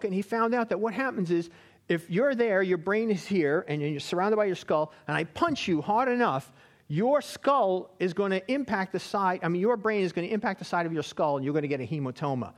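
A man teaching a Bible study in a chatty, conversational way, often checking in with his listeners. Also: sits high.

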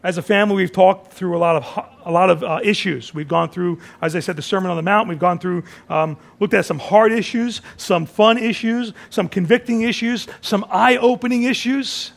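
A man preaching a communion sermon as pastor, repeating phrases for emphasis and swinging from soft, hushed lines to raised, forceful ones. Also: high-pitched, moderate pace, creaky, hardly any pauses. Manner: dramatic swings from soft near-whisper to raised, shouted phrases.

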